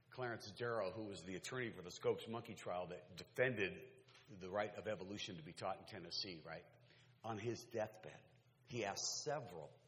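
A man's voice: low-pitched, fairly bright tone. A man preaching a sermon as a pastor, telling stories in a conversational way with asides to the audience. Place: large hall. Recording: echoey hall, faint ambience.

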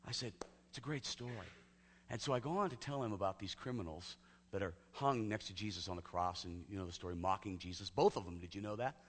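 Hushed, storytelling male pastor. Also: sits low, fast talker, slight background noise. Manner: conversational storytelling, often drops to hushed near-whisper. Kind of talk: sermon storytelling. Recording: long hall reverb.

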